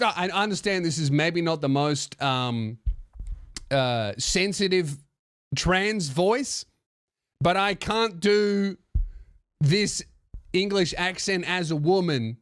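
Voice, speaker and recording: A man's voice: fairly high pitch, animated, takes it slowly, a bit bright, smooth, dry recording, studio quality. A man hosting a comedy podcast, reading viewer emails aloud and riffing on them with profane, mocking asides.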